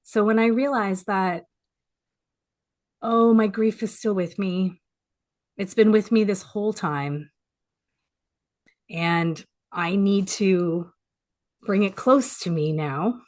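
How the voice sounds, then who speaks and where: A woman in her forties sharing her story at a support group over a video call from her home office, speaking softly and pausing often, a little teary. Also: mid-range voice. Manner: soft-spoken, heartfelt, pausing often. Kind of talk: personal sharing, reflective.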